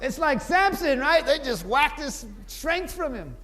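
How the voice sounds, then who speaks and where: A man's voice: extremely high pitch, sing-song, a little slow. A male stand-up comedian telling a story to a live audience in a chatty way. He keeps tagging his lines with "right?". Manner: conversational, keeps asking "right?". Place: indoor venue with a live audience. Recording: live room with noisy crowd.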